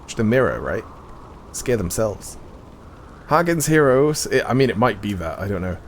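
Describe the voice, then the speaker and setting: A man's voice: fairly low pitch, very animated, normal speed, a little hiss or hum. A man streaming a game live, chatting casually in a rambling, self-correcting way into a streaming mic.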